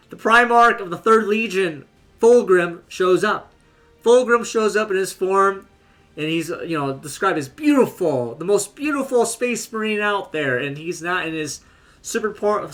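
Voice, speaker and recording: A man's voice: high voice, sharp tone. A man giving a casual, rambling book review, leaning heavily on filler words as he retells the plot.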